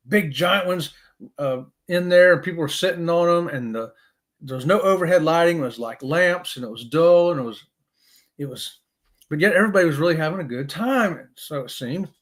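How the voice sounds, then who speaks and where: A chatty man with a high voice hosts a casual live stream. He talks in a folksy, excitable way and keeps saying y'all.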